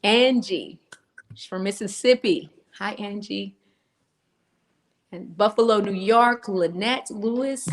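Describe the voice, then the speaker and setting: A woman's voice: mid-range voice, slow, long pauses. A woman co-hosting a live stream, chatty and laughing as she greets viewers by name. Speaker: co-host. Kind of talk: live-stream chat, reading out viewer names.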